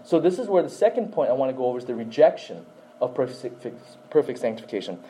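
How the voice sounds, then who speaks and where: A man's voice: mid-range voice, sing-song, fast, warm tone, slight background noise, poor audio. A man teaching a Bible class, often quizzing listeners with questions and adding "okay?" to his points.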